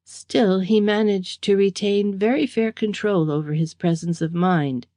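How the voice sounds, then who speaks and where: Female audiobook narrator, measured and mellow, close dry studio read. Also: mid-range voice, no echo. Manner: measured, even storytelling. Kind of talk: scripted narration of a Victorian novel.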